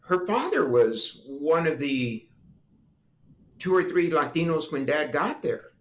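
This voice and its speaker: A man's voice: a little high, slow, reverberant. An older man, a former congressman, telling family stories in an interview and acting out the voices of the people in them. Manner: animated storyteller acting out quoted voices, laughing. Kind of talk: storytelling interview talk.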